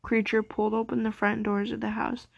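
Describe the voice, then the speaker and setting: A woman reads a fantasy story aloud at a steady, unhurried pace. Her voice is level in pitch with a gravelly edge. The recording is close and dry. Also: no room sound, highs cut off. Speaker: narrator. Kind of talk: reading fan fiction aloud.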